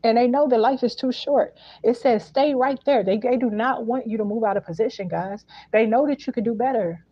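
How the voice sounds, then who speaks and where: Speaking a little fast with hardly any pauses, a woman with a fairly high, slightly rough voice delivers an informal spiritual message. She repeats herself emphatically and uses colloquial language as she breaks down each phrase. There's no room sound, and the audio is dull, dry and lo-fi.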